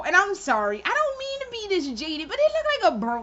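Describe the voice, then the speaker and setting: A woman's voice: sits high, sing-song, brisk, few pauses, a bit bright, muffled recording, slight background noise. A woman vlogging about video games in casual chat, candid and sarcastic, swearing and laughing as she acts out her own reactions. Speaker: gaming vlogger.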